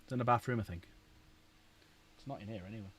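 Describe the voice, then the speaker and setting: A man's voice: lowish voice, fast, a bit bright, breathy edge. A man, casually chatting and joking with viewers while painting miniatures, swearing freely. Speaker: host painting miniatures on a live stream.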